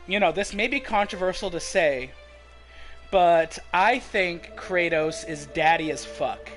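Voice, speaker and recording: A man's voice: high voice, measured pace, fairly bright tone, faint music behind. A young man streaming a game, chatting casually and joking with his viewers. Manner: chatty, joking, talks to chat between menu picks. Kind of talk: casual gameplay commentary.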